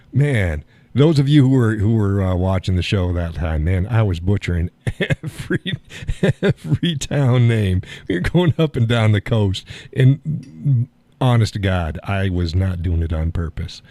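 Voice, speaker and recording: A live stream host with a low-leaning, dark-toned voice chats casually on a dry recording. His talk is folksy and blunt, full of laughter and easygoing swearing.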